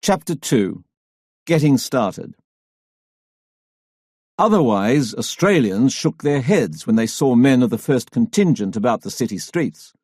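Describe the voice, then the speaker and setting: A man narrating a history audiobook in a measured storytelling delivery. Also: medium pitch, big pitch swings, a little mellow, breathy edge, no echo, studio quality. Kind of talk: scripted narration.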